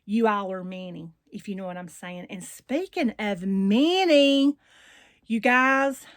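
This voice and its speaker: A woman's voice: on the high side, dry recording, clean studio sound. Chatty Southern woman with a country drawl. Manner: chatty and rambling, warm Southern slang. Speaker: doll channel host. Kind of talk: casual chat to viewers.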